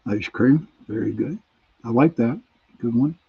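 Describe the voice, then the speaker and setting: In a gravelly, breathy-edged voice of medium pitch, a Pittsburgh-accented man hosts a casual radio chat show at a measured pace. He reads out listener messages easygoingly, chuckling along, on a dull lo-fi recording.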